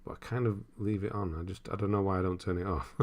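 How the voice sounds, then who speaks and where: A young man hosting a casual livestream, reading viewer comments aloud and thinking out loud in a rambling way with frequent chuckles. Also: low-pitched, steady tone, fast. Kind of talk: casual live-stream chat.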